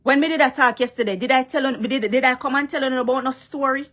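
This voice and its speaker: A Jamaican woman delivers a confrontational vlog rant, mixing Patois and English as she scolds. Her voice sits a little high. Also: fast, fairly bright tone. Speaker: vlogger. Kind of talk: heated monologue to a rival.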